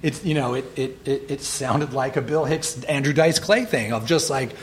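A man's voice: medium pitch, normal speed, a little hiss or hum. A man in a casual conversation, telling stories and acting out other people's lines in a raised voice. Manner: animated, acts out quotes in a raised voice. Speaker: animated series co-creator guest.

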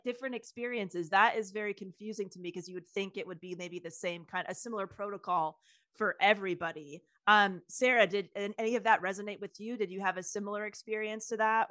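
A woman's voice: mid-range voice, a bit bright, dry recording. A woman hosting a casual chat, asking curious questions and reacting with exclamations. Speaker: host.

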